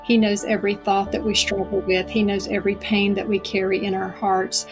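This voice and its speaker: Speaking as a podcast guest, a middle-aged woman gives heartfelt, reflective testimony about her life, easing her pace for emphasis. Her mid-range voice stays level, and music plays underneath.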